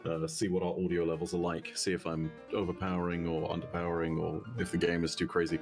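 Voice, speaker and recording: A very deep-voiced man chatting casually while gaming, wry and rambling as he thinks out loud about game lore. Faint music sits underneath his voice. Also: monotone, fast. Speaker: guest lore commentator.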